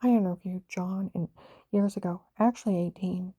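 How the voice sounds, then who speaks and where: A woman's voice: lowish voice, steady tone, normal speed, mellow, husky, dry recording. An older woman giving an urgent, rambling personal account of her own experiences. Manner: intense, urgent storytelling. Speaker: vlogger telling her own story.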